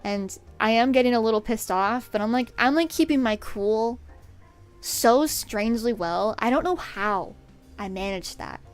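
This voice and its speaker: Animated young woman telling a work story. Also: a little high, unhurried, soft background music. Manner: animated, exasperated, laughs often. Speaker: streamer. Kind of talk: casual storytelling. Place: home streaming room. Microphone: desk USB microphone.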